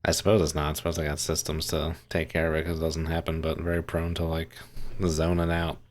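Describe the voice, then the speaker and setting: Deep-voiced laid-back game streamer. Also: male voice, monotone, fairly quick, slight background noise. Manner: laid-back, musing aloud. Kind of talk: casual gameplay commentary.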